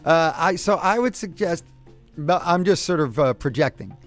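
A man's voice: a little high, expressive, moderate pace, faint music behind. A man hosting a call-in radio advice show, giving friendly advice in a rambling, self-correcting way. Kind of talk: casual call-in chat.

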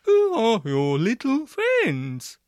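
A man voicing a pompous, sinister man with a booming, theatrical, drawn-out voice. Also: wildly swooping pitch, a little mellow, dry recording, studio quality, full character voice.

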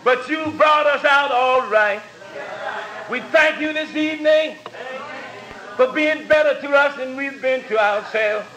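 A man from Mississippi, a pastor preaching and praying in rhythmic, repeating phrases that swell into shouts. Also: very high-pitched, a little slow. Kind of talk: sermon prayer. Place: church with congregation. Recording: roomy church with crowd noise.

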